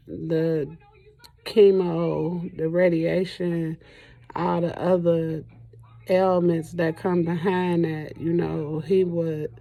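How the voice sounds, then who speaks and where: A middle-aged woman talking to camera in a halting, emotional way, often pausing with "you know", as she speaks about her loss. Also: on the low side, creaky, dark tone. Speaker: trucking vlogger and grieving mother. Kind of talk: personal testimony to camera.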